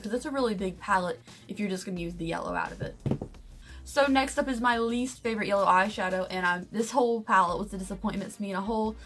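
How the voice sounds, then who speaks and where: A woman's voice: medium pitch, a bit bright. A young woman from the United States chatting candidly and enthusiastically through a casual makeup review. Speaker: beauty vlogger.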